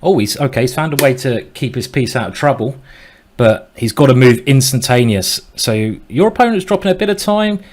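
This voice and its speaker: A man hosting live chess commentary in a casual, excitable way, urging the players on. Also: mid-range voice, a little fast.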